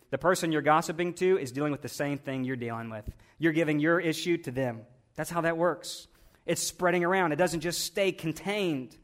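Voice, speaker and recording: A man pastor preaching a sermon in a conversational way, asking rhetorical questions and often repeating his words. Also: a little high.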